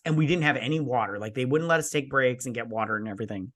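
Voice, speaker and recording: A man's voice: mid-range voice, fairly quick, few pauses, fairly bright tone. Young man, casual podcast co-host, rambling storyteller, swears freely, acts out voices in mid-range tone. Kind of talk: casual drunk movie-review chat.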